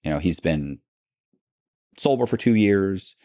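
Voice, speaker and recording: A man's voice: deep voice, animated, measured pace, mellow, no room sound, clean studio sound. A man, a podcast guest, telling a long story in a casual, rambling way, full of restarts and asides and acting out what people said.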